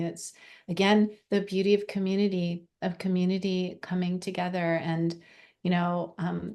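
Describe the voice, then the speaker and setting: A woman's voice: lowish voice, gravelly, darkish tone. A woman giving a sincere, earnest thank-you speech over a video call as founder of the group. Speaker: founder and teacher of an animal healing method.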